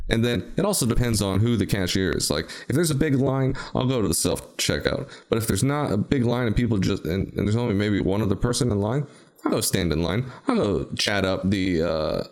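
A man hosting a podcast in casual chat, telling rambling, jokey stories. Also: fairly low pitch. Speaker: podcast host.

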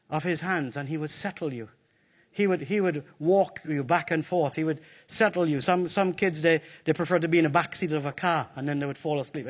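Animated, bright-voiced male preacher. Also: high-pitched. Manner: animated, playful preaching with call-outs to the congregation. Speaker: pastor. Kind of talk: sermon. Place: church.

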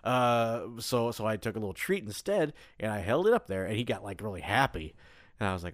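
Animated man, lively playful chat. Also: on the low side, a little fast, dry recording, clean studio sound. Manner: playful, laughs often, acts out animal voices. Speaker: podcast co-host. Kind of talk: casual chat. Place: apartment room.

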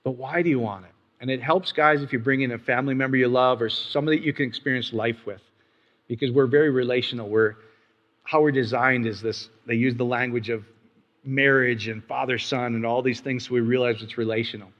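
A man's voice: mid-range voice, steady tone, brisk, a bit bright. A man giving a casual teaching sermon and leading a guided prayer, talking conversationally and often checking in with his listeners. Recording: long-reverb hall, dull lo-fi sound.

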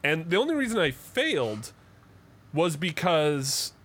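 A man's voice: fairly high pitch, sing-song, unhurried, a bit bright. A man co-hosting a podcast, telling stories in casual chat with heated, profane rants. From Canada. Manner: profane, heated ranting storyteller. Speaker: podcast co-host.

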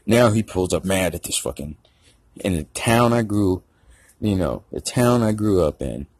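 A man's voice: deep voice, lively intonation, normal speed, a little mellow, no echo. A man telling a rambling, profane story in a casual rant. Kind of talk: casual ranting anecdote.

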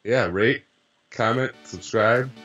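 A man's voice: medium pitch, slow pace, fairly bright tone, lo-fi sound. A young man co-hosting a podcast, easygoing and laughing often, hedging with "I mean" in casual chat. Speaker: podcast co-host.

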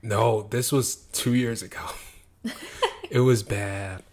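A man's voice: lowish voice, steady tone, slow pace, darkish tone. A young man hosting a podcast, chatting casually with a friend and laughing easily. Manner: easygoing, laughs often. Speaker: podcast host. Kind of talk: casual chat.

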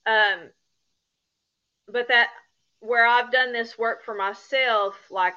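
A woman's voice: mid-range voice, fairly even intonation, takes it slowly, long pauses, bright, forceful tone, clean tone, lo-fi sound. A woman from Appalachia in the United States, a guest on a podcast, chatting casually and laughing often at herself. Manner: laughs often, self-deprecating.

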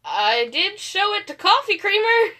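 Sleepy giggly woman on a podcast, teasing her cohost, really animated high voice. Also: measured pace. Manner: giggly, teasing, swears casually. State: very tired. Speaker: podcast co-host. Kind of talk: casual chat. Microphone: podcast microphone.

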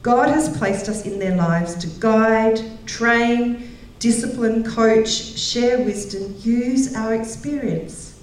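A woman's voice: fairly high pitch, slow pace. Middle-aged woman preaching in an echoey hall. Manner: storytelling, laughs often, acts out quoted voices. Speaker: women's conference speaker. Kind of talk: sermon. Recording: very echoey hall, voice heard from a distance.

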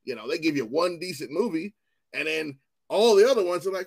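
A man co-hosting a podcast in casual chat, animated and profane, rambling with restarts. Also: on the high side, fairly quick, gravelly. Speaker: podcast co-host.

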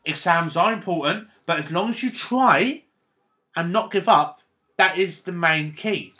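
A man talks casually, his voice bright and slightly high. He tells a personal story with halting restarts and open emotion, in a relaxed conversational manner. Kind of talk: casual chat.

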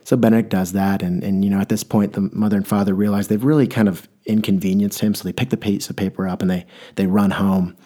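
A man rambles through a comic story, full of wry asides and shifting pace. His voice is low and mellow, and his delivery is relaxed and unhurried. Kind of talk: comedic monologue.

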